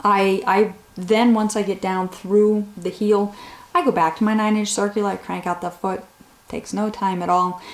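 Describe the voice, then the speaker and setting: A woman's voice: fairly low pitch, roomy sound. A woman hosting a knitting podcast, talking casually and rambling a little, with a heartfelt, grateful manner. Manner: warm, rambling, gets emotional thanking viewers. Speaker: podcast host.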